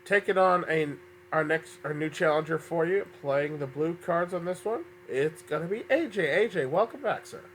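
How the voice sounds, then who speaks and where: Male game show host, bright tone, upbeat, self-correcting, slightly under the weather. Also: a little high, lively intonation, moderate pace, slight background noise. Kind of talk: fan-made game show hosting.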